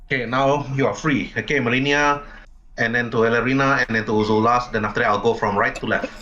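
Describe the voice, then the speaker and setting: A man's voice: medium pitch, steady tone, fast talker, bright, forceful tone, dull audio, slight background noise. A man narrating as game master of an online tabletop game, linking events with plain "and then" storytelling.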